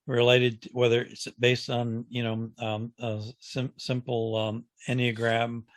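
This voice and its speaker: A man's voice: mid-range voice, completely flat delivery, measured pace, no echo. A male podcast host with a mid-range voice, recorded dry and close with no room sound. He keeps affirming his guest and stumbles a little with fillers while he puts his questions together. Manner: affirming, frequent "yeah" and "mm-hmm", hesitant when asking questions. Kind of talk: conversational interview.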